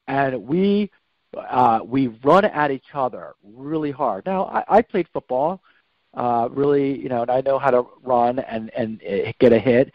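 A man's voice: medium pitch, lively intonation, normal speed, no echo. Man telling a story, dull dry sound. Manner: rambling, self-correcting storyteller. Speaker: podcast guest. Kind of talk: personal storytelling. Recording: slightly dull, dry recording.

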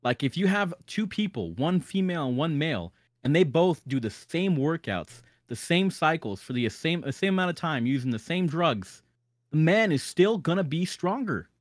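Brief: male podcast host, forceful ranter, curses freely, dry close sound. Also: on the high side, very animated, normal speed, dry recording. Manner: emphatic, heavy swearing, ranting. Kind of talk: casual podcast chat.

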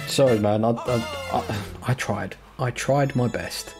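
A man's voice: medium pitch, takes it slowly. A man streaming a video game, chatting casually, joking and thanking his viewers. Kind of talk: casual live-stream commentary. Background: game music.

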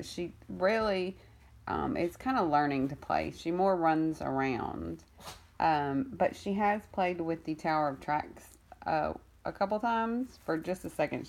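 Casual cat-rescue vlogger, woman, lower pitch, rambly and affectionate, a bit under the weather with a cough. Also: creaky, a little mellow. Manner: chatty and rambling, many ums and restarts; coos affectionately at the kittens. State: getting over an illness, coughing. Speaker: cat rescuer and foster carer. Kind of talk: casual vlog update. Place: home with foster kittens.

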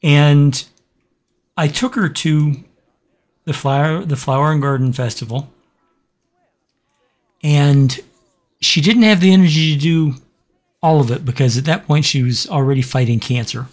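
A man hosting a casual game video, talking in a halting, reflective way with many pauses and fillers. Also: on the high side. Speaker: gaming channel host. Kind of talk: casual let's-play commentary with a personal story.

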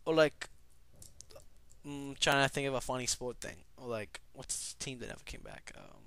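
Lively, bright-voiced young man ranting. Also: mid-range voice, moderate pace, gravelly, slight background noise. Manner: rambling, jokey, swears a lot, bursts into shouts. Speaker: vlogger. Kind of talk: comedic rant to camera.

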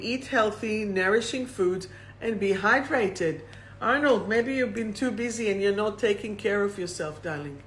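A woman hosting a live-streamed oracle card reading, reading each affirmation slowly and then repeating it. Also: medium pitch, a little hiss or hum. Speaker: host and card reader.

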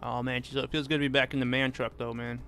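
A man's voice: mid-range voice, little pitch movement, fast, gravelly, a bit bright, soft background music. A man casually chatting with his viewers while he plays a truck-driving game, reading their messages and answering them by name. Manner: laid-back, reads chat aloud and answers viewers. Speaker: gaming streamer. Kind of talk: casual live-stream chat while driving.

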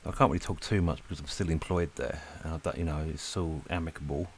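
A man rambling casually to viewers as he draws, relaxed and a little breathless. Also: rumbling low, fast, slight background noise. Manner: relaxed, rambling, talks to viewers while drawing. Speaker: art channel host. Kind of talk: casual chat while drawing. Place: lives in Spain.

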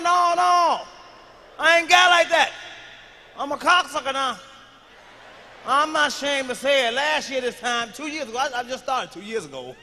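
A man doing loud, profane, animated stand-up comedy on stage, telling stories and shouting punchlines. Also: extremely high pitch. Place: comedy stage before a live audience. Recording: live show recording with reverb and noise.

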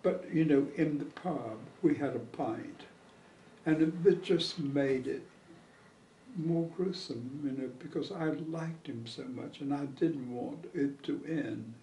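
An older man being interviewed, telling old memories in a halting way with many pauses and fillers. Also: on the high side, mellow, distant mic, slight background noise. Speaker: interview guest. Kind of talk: reminiscing conversation. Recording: echoey room, voice off-mic.

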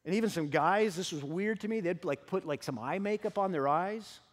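A male pastor preaching a sermon, telling lively, humorous stories from his own life. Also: high voice, moderate pace. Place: church sanctuary. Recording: long hall reverb in a church.

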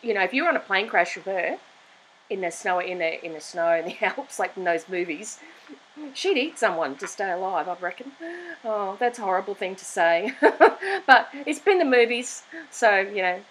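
A middle-aged woman host holding forth in a blunt, opinionated monologue. She restarts her sentences often as she rants. Her voice sits at an ordinary middle pitch. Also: moderate pace, fairly bright tone, a little hiss or hum, rough recording.

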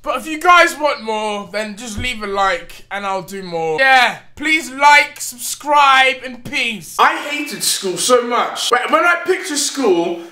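A young man hosting a reaction video, excitable and loud, with shouted outbursts and swearing. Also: very high voice.

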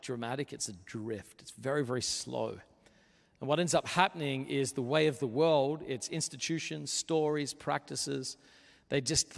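A male pastor delivers a sermon in a church sanctuary. He talks earnestly and conversationally, then builds to forceful emphasis, with a gravelly texture at the low end of his voice. His words hang in the long reverb of a large hall.

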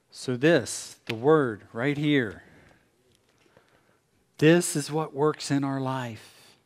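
A middle-aged American man preaches a sermon in a church at an unhurried, deliberate pace. His voice sits at an ordinary pitch, with long pauses between phrases. He now and then slips into voices to act out what he is saying. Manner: dramatic pauses, acts out God's voice and a busy morning. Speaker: pastor. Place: church sanctuary.

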